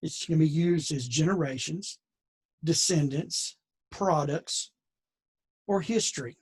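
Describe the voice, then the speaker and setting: A man teaches scripture in a relaxed, conversational way. His voice is a touch high and husky. He wanders off on side remarks and restarts his sentences often. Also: measured pace. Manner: folksy and digressive, with many restarts. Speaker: Bible teacher. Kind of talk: conversational Bible lesson.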